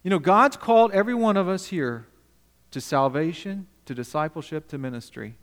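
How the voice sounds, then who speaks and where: A male pastor delivers a sermon in a notably high voice, emphatic and direct with his congregation. The sound carries the long echo of a large hall. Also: lively intonation, normal speed. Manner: emphatic, questions the congregation, swings between loud and quiet.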